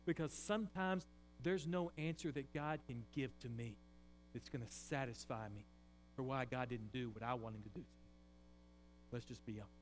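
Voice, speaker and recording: A man pastor preaching a sermon, swinging from a loud raised voice to quiet intensity. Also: medium pitch. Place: church sanctuary. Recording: faint mains hum.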